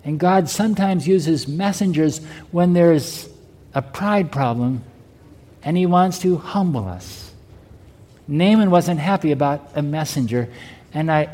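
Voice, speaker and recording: A male pastor delivers a sermon, his voice high yet mellow and dark in tone. He keeps asking the congregation whether they heard him. The sound rings out with a long reverb, as in a large church hall. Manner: preaching with rhetorical questions to the congregation. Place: church sanctuary.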